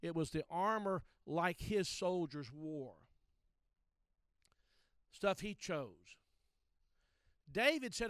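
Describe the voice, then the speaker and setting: High smooth-voiced preacher guy, emphatic, keeps repeating points, dry close sound. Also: animated, slow, pauses often, fairly bright tone, no room sound. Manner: emphatic, repeats key phrases, addresses listeners directly. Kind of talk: teaching sermon.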